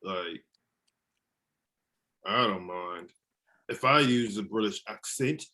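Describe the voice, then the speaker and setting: A man's voice: mid-range voice, lively intonation, slow, long pauses, a bit bright. A man co-hosting a casual wrestling podcast who jokes around and swears, then laughs at himself. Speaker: podcast co-host.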